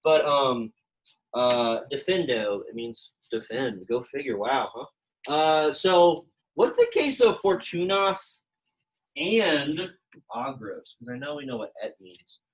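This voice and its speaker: A man's voice: medium pitch, sing-song, slow pace, dull audio. A young man teaching a Latin class, explaining grammar in a chatty, informal way full of fillers, speaking to a classroom and online students. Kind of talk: classroom lesson, casual explaining.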